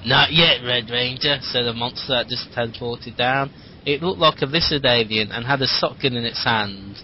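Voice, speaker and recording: A man's voice: mid-range voice, moderate pace, slight background noise. Man, comedy podcast co-host, dry mocking asides, dull lo-fi sound. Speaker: podcast co-host reading fan fiction. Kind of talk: comedic read-aloud with banter.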